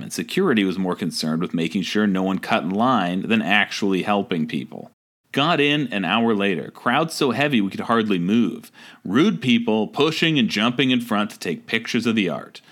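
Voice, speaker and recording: A man's voice: fairly low pitch, fairly bright tone. A man co-hosting a comedic podcast, reading a review aloud with lots of laughter and acted-out quotes. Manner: laughs often, acts out quoted lines. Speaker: podcast co-host.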